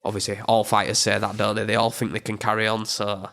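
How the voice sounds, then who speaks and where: Halting Yorkshire man, boxer. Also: fairly low pitch, flat delivery, vocal fry, a bit bright. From England. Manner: halting, repeats words, plain-spoken. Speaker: boxer guest. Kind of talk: casual interview chat.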